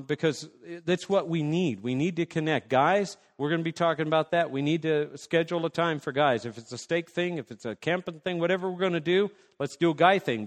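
A man's voice: fairly high pitch, long reverb tail. A man preaching a sermon as pastor, emphatic and conversational, asking the congregation rhetorical questions.

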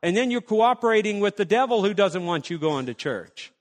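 A man's voice: high-pitched, expressive, a little fast, long reverb tail. A man preaching a sermon as pastor, emphatic and conversational, asking the congregation rhetorical questions.

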